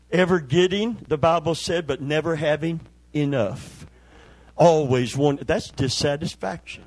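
Husky older man preaching emphatically. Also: on the high side, darkish tone, dry recording. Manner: emphatic preaching with call-and-response. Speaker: pastor. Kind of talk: sermon.

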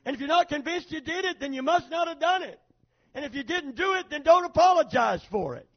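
A man's voice: very high voice, animated, fairly quick. A male pastor preaching a sermon, emphatic, calling out for amens from the congregation, on a dull lo-fi recording.

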